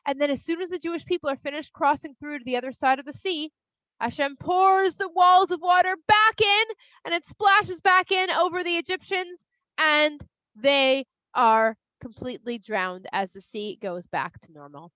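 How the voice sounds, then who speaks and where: A woman tells a children's story in a high, bright voice with lively, playful delivery. The recording is dry and a little muffled. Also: normal speed, dry recording. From Toronto, Canada. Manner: animated, expressive, playful asides. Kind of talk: storytelling for kids. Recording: slightly dull, dry sound.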